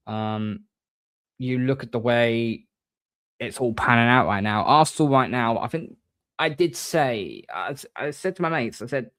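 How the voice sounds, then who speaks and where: A man hosting a casual livestream, reading viewer comments and giving shout-outs in a rambling, chatty way. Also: mid-range voice, no room sound. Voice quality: rambling, frequent restarts, mate-and-bro shout-outs. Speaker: livestream host.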